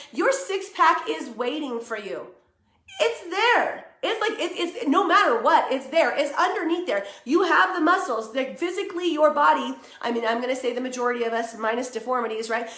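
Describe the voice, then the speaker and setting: A woman's voice: high voice, a bit bright, echoey room. A young woman hosting a casual motivational live stream, chatty and upbeat, greeting viewers by name. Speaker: live video host and coach.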